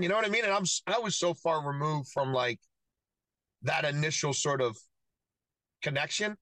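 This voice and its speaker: A man's voice: fairly high pitch, moderate pace, long pauses, a bit bright, dry recording. A man from Baltimore, a sports reporter, chatting casually in an interview from his parked car, rambling and often saying "you know what I mean".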